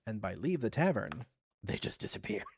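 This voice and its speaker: Gravelly man chatting through a retro game. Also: on the low side, big pitch swings, moderate pace. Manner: chatty, reads game text aloud, self-correcting. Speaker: let's play host. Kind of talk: casual game commentary.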